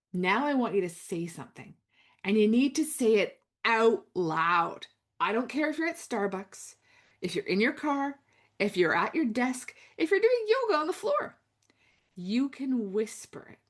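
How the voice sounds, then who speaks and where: A woman coaching listeners through spoken affirmations, slow and intimate, with dramatic pauses and drops to a near whisper. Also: mid-range voice. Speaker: self-help coach. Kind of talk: guided affirmation talk.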